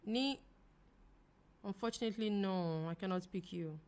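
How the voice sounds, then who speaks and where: Fast-talking woman hosting a trading livestream. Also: mid-range voice, darkish tone. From Ghana. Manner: fast-talking, reads comments aloud and answers them. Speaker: forex trading livestream host. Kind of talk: casual livestream chat reading viewer comments.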